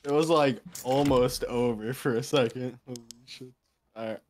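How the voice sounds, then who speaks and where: A male teammate chatters through a match in loose, joking gamer slang. His voice sits at an ordinary middle pitch. A faint background hiss and some clicks are audible. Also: steady tone, normal speed. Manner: loose, slangy, joking, says "bro" a lot. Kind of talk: casual gaming chat.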